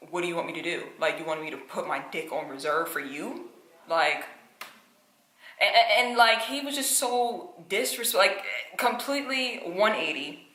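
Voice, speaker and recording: A woman's voice: on the low side, pushed and bright, reverberant, low-quality recording. A woman telling her own story to the camera in a candid personal vlog, her speech full of "like" and "um" fillers. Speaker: vlogger.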